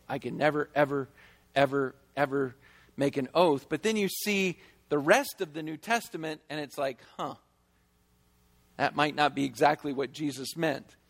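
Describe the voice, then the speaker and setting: A male pastor delivers a sermon in a slightly high voice, talking in an easy, conversational way but slowing down hard on the phrases he wants to land. His voice rings out with the long reverb of a church hall. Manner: conversational, emphatic, slows down to stress key phrases.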